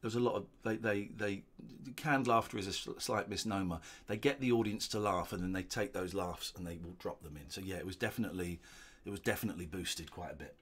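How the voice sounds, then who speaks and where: A man's voice: brisk, fairly bright tone, husky. A middle-aged man, giving rambling, chatty commentary while watching an old show in his living room at home. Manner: rambling, chatty, drifting into low asides. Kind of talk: casual watch-along commentary.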